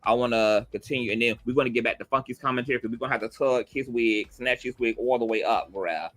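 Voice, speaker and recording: A man's voice: mid-range voice, fast, a bit bright. A man hosting a gossip commentary show, sassy and profane, who keeps calling his listeners "girl". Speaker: commentary host.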